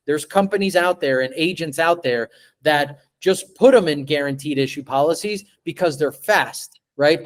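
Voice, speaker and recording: Acting out pitches to a client, a man delivers an animated live sales training by video call. His words get stretched and repeated throughout.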